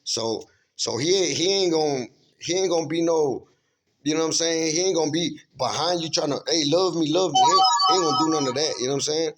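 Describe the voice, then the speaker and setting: Soft music plays behind a man with a fairly high, somewhat bright voice as he quickly and earnestly tells of a spiritual vision. His casual, emphatic testimony rambles, restarting often and repeatedly asking the listener "you know what I'm saying."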